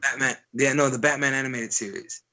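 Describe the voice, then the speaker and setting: A man's voice: medium pitch, fairly even intonation, brisk, bright, forceful tone. Rambling, profane male podcast co-host. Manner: rambling, profane, many "like" fillers. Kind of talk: casual storytelling chat.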